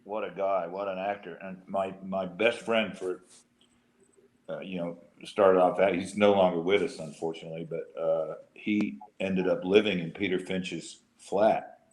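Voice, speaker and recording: Actor guest, man, very low voice, roomy echo, loose chatty delivery with restarts. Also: steady tone, unhurried, darkish tone. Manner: laughing, self-deprecating, thinks aloud with restarts. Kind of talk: casual video interview.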